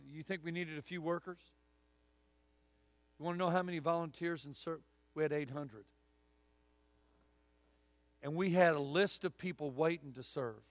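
A man's voice: on the high side, no room sound. A middle-aged man preaching a sermon in a church, folksy and storytelling, with punchy emphatic lines. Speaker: guest preacher. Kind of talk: sermon with altar call. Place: church sanctuary.

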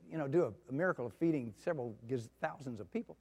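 A man preaching a sermon at a middle pitch, telling stories in a folksy way. He drops to soft asides and then rises to loud outbursts. His voice carries a long reverb, as in a big hall. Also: lively intonation, fast talker, few pauses, slightly rough.

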